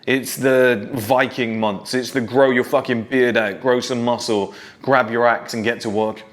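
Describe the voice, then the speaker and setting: A man's voice: medium pitch, fairly even intonation, unhurried. Blunt, swearing man giving a pep talk. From United Kingdom. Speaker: self-improvement creator. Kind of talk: motivational monologue.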